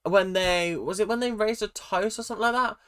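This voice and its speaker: A woman's voice: mid-range voice, fairly quick, clear, resonant tone. Chatty young woman recapping a show. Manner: chatty, animated, acts out quotes. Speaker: recap vlogger. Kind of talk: casual reality-show recap.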